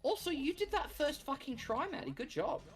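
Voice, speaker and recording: A woman's voice: high voice, animated, moderate pace. An Australian woman streaming a video game, chatting casually and swearing freely as she cheers on the player. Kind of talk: casual gameplay commentary. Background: game music.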